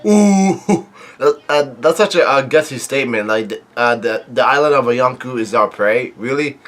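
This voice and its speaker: A manga chapter reviewer casually recaps a comic chapter, reading panels aloud and rambling with plenty of fillers and restarts. His voice is mid-range, a bit bright, at a moderate pace.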